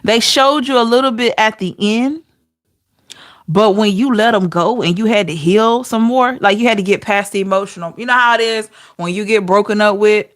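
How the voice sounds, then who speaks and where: A woman giving a casual tarot reading to camera, talking in an expressive, chatty way with rhetorical questions. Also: medium pitch, moderate pace. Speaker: tarot reader.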